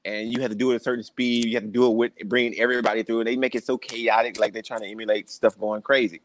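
A man's voice: mid-range voice, quick pace, a little hiss or hum. A young adult man, a podcast guest, telling stories in a casual interview and acting out the voices of the people in them. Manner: animated storyteller, acts out quoted voices.

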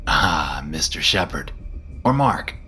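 A man voicing Lucifer, a smug and mocking male devil who speaks calmly and knowingly in a horror story reading. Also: extremely low pitch, takes it slowly, heavily acted.

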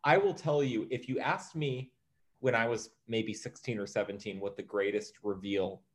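A man co-hosting a film discussion podcast, talking in a measured, deliberate way as he builds his points. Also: lowish voice. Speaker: podcast co-host.

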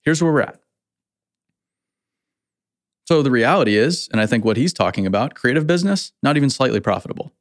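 A man talks plainly and bluntly about his business, hammering his points home by saying them twice. His voice sits at an ordinary pitch. The sound is close and dry, with no room echo. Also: animated, a little fast, pauses often. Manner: blunt, emphatic, repeats himself for emphasis. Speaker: company founder and podcast host. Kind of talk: casual internal company podcast.

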